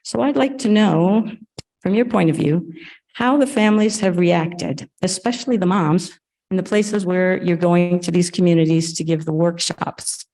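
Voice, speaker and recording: Woman, effusive and earnest, slightly low voice, frequent restarts. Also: moderate pace, mellow, poor audio. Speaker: Rotary event interviewer. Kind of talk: emotional conversational talk at an event.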